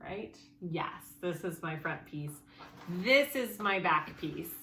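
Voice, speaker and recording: Woman doing a chill sewing tutorial, bright voice, kinda echoey room, talks it through as she goes. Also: fairly low pitch, lively intonation, slow pace. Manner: chatty, thinking aloud, self-correcting. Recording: echoey room, faint background noise.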